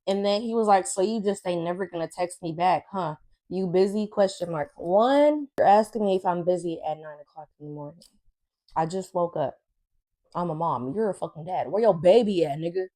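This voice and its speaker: Young female vlogger, casual storytime, sassy and profane delivery, lowish pitch. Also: normal speed, mellow.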